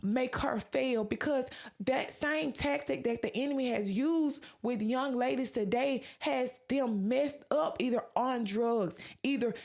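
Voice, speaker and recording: A woman with a slightly high, gravelly voice tells a personal faith testimony on her podcast. She speaks earnestly and with emotion, replaying her own past words as she goes. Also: a little slow, a little mellow. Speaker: podcast host.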